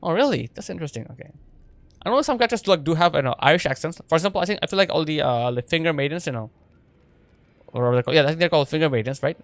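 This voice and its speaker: A man's voice: fairly high pitch, lively intonation, rapid-fire, no echo. A man giving casual gameplay commentary as a streamer, rambling and chatty with lots of fillers. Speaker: game streamer.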